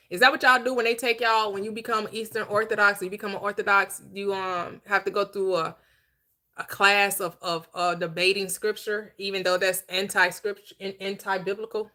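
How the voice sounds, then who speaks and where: A woman hosting a livestreamed Bible teaching, preaching in an emphatic, conversational way, slowing down to stress key phrases and chatting with viewers in between. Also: medium pitch, steady tone, sharp tone. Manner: chatty asides to viewers, quick laughs.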